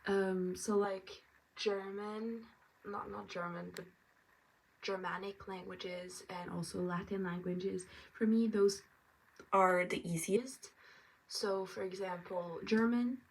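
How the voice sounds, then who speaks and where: A tired woman from France chatting casually as she gets ready, rambling and now and then dropping to a soft whisper. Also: mid-range voice, fairly even intonation, slow, gravelly, a little hiss or hum. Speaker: vlogger. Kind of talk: casual get-ready-with-me chat. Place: at home getting ready. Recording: distant mic, faint room ambience.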